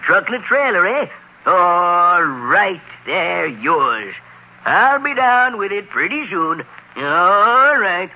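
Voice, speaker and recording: Hearty old Santa, lively, bright-toned, 1940s radio. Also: male voice, high-pitched, slow pace, highs cut off, exaggerated voice. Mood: jolly. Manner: hearty, chuckling. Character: jolly, kindly old Santa Claus. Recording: old radio recording, faint hiss.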